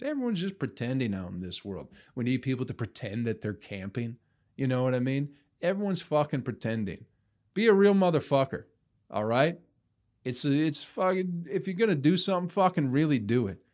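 A man's voice: mid-range voice, sing-song, normal speed, darkish tone. A man hosting a comedy podcast, talking in a casual, profane, ranting way.

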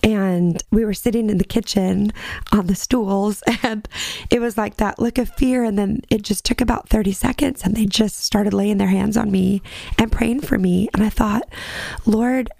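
A woman's voice: mid-range voice, steady tone, normal speed, vocal fry, dark tone, no echo. A woman in her forties, a singer, telling a personal faith story as an interview guest, acting out what people said with laughs. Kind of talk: personal testimony in a podcast interview. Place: lives in Nashville.

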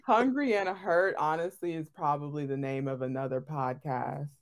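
Blunt, teasing young woman, lower voice. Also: normal speed. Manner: teasing, blunt, animated bursts. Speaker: podcast guest, best friend. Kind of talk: casual chat.

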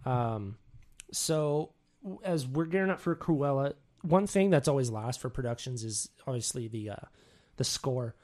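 A man's voice: medium pitch, expressive, a little slow, a little mellow. A young man hosting a news podcast alone from his office, rambling casually and tripping over names with self-mocking humor. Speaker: podcast co-host. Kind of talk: solo news podcast chat. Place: home office.

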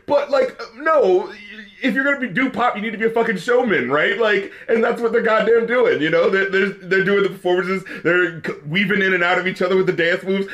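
A man with a notably high speaking voice co-hosts a podcast. He rambles casually, swears freely and breaks into laughter often. His talk is full of fillers and restarts. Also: a little fast, hardly any pauses, a bit bright. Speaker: podcast co-host. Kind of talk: casual chat.

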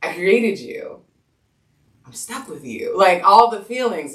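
A woman telling her birth story in casual chat, an animated storyteller who acts out quotes and laughs often. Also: medium pitch, takes it slowly. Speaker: podcast guest. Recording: echoey room, mic at a distance.

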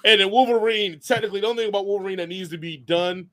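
A man co-hosting a podcast in casual chat, animated and laughing often. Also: high-pitched, rapid-fire. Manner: animated, laughs often, breaks into silly voices. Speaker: podcast co-host.

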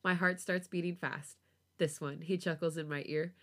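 A woman reading a romance story aloud on a podcast, with a relaxed storytelling voice. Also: on the low side, normal speed. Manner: laughs often, giggly reactions. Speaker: podcast host reading fan fiction aloud.

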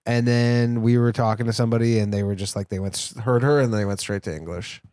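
Young man co-host from Canada, easygoing and halting, middle pitch, dry recording. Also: fairly even intonation, darkish tone, no echo. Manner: easygoing, hesitant, many fillers and restarts. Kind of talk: casual chat.

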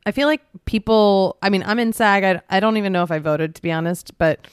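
A woman co-hosting a podcast, telling stories in an animated, casual way and saying "like" often. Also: medium pitch, fairly quick, clear, resonant tone, no room sound, clean studio sound. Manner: animated storyteller, heavy use of "like". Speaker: podcast co-host. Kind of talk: casual chat.

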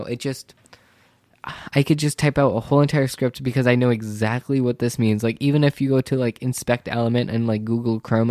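The sound is dry and clean, like a studio, as a teenage male vlogger rambles through a school anecdote. He reenacts what others said using "I was like," calls himself sensitive, and has a mid-range, a little mellow voice.

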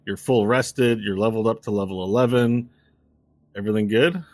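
Low-key male game master. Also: brisk, dry recording. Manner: relaxed, conversational, low-key. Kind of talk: narrating a tabletop game.

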